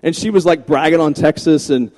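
A man in his forties from Virginia, a pastor telling funny stories in a chatty, animated sermon. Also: a little high, a little fast. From Virginia, USA. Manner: chatty, joking, animated anecdotes. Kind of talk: humorous sermon storytelling. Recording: long reverb of a large hall.

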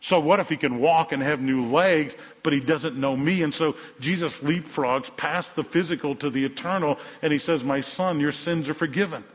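A male pastor preaching a sermon, telling a story with animated emphasis and dropping to quiet, soft moments. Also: fairly high pitch, moderate pace, few pauses. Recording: dull sound in a large reverberant hall.

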